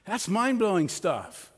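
A man's voice: high voice, husky. A middle-aged man preaching a sermon as pastor in a church sanctuary, conversational, with personal stories and light jokes. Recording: long hall reverb of a church.

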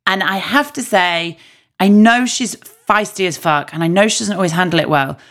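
A woman's voice: fairly low pitch, normal speed. Blunt, swearing northern English woman. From northern England. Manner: blunt, swears freely, animated opinions. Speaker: podcast co-host. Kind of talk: casual chat.

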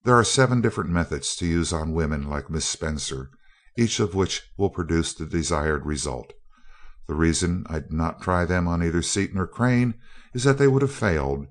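A man reading the lines of a cold, calm male scientist villain in an audiobook, speaking evenly and clipped. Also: deep voice, normal speed. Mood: coldly calm. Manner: cool, even and clipped. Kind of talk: audiobook character voice.

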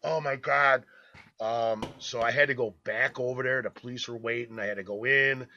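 Bright-voiced man telling a rambling story. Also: medium pitch, fairly even intonation, normal speed, a little hiss or hum. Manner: rambling, swears freely, laughs through his story. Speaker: podcast co-host. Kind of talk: casual storytelling among friends. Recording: dull lo-fi podcast audio.

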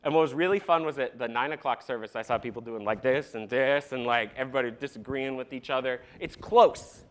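A young man preaching a sermon to a congregation in a church, animated and conversational with asides to the crowd. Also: mid-range voice, fairly quick, few pauses. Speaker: pastor. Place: church sanctuary.

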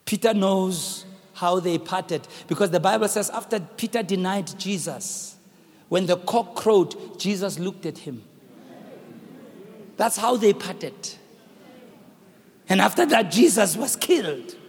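A man preaching a sermon, swinging between shouted, sung phrases and hushed speech. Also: high-pitched, expressive, slow pace. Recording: long hall reverb.

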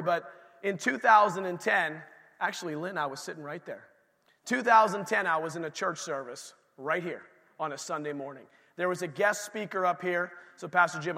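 A middle-aged man preaching a sermon in a church sanctuary, animated and acting out dialogue, with sudden quiet asides. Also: high-pitched, creaky, big-room sound. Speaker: pastor.

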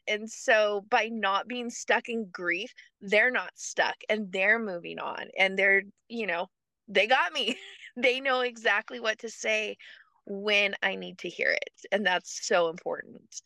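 A woman podcast guest telling personal stories in a lively way, with big jumps in pitch. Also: dry recording, rough recording. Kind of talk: animated personal storytelling.

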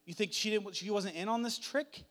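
A man preaching a sermon in a dramatic, chatty way, swinging from hushed to loud. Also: high voice, normal speed. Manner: conversational, uses "like" often.

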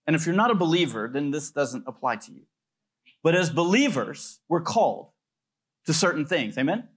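A pastor preaching a sermon in a loose, conversational way, telling stories with plenty of fillers. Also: male voice, on the high side, animated, moderate pace, husky. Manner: conversational storytelling with many fillers.

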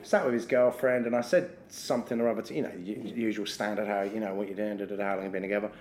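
A stand-up comedian chats about his gigs at a brisk clip, acting out hecklers and his replies. He laughs through his stories. The room around him rings with echo. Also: fairly low pitch, fairly even intonation, a little mellow, slight background noise. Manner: laughs while telling stories, acts out both sides of quoted exchanges. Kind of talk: casual podcast chat, telling stories. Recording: roomy echo.

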